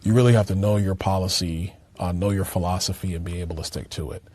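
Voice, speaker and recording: A man speaks in a very deep, husky voice during a political interview. He builds his argument slowly. His delivery is halting and full of fillers. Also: steady tone, mellow, dry recording. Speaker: interview guest.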